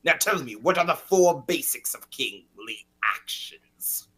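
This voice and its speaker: A woman's voice: medium pitch, lively intonation, unhurried, pushed and bright, breathy edge, full character voice. A woman playing an exasperated royal elder scolding a reckless prince in an improv comedy scene.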